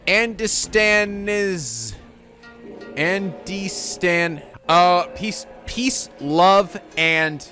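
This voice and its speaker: Excitable male game commentator. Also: a little high. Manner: excitable, swearing, laughing asides. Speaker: let's play host.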